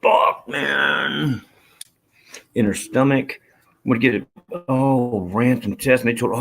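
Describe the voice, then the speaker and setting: A man's voice: medium pitch, fairly even intonation, a little slow, gravelly, a bit bright. A man hosting a live stream, chatting casually and profanely with his viewers, rambling from topic to topic. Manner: rambling, profane, reads chat aloud.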